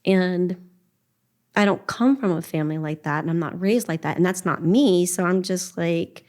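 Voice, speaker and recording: A middle-aged woman shares her story as a podcast guest, earnest and emotional. Her voice sits a little low, and she often slips into quoting her own prayers. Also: moderate pace, a little mellow. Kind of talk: personal testimony in a podcast interview.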